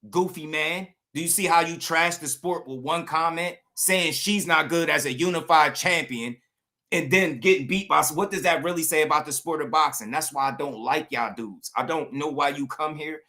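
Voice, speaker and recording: Bright-voiced man ranting on a livestream. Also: on the high side. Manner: heated, blunt, slangy, repeats himself. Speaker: boxing channel host. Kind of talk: livestream commentary rant.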